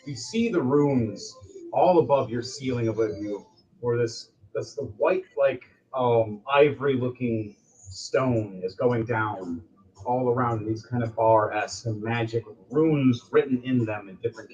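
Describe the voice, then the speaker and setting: A man narrating as game master for a tabletop game, dramatic and animated. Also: mid-range voice, lo-fi sound, slight background noise.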